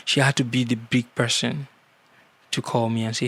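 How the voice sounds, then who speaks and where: A man's voice: mid-range voice, little pitch movement, normal speed, fairly bright tone, breathy edge. A man giving earnest marriage advice in a casual vlog, repeating key words for emphasis.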